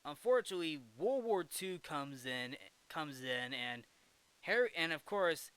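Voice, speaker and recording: Bright, crisp-voiced man recapping a film. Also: fairly high pitch, animated, measured pace. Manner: rambling, restarts and self-corrections; jokey asides. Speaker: movie review host.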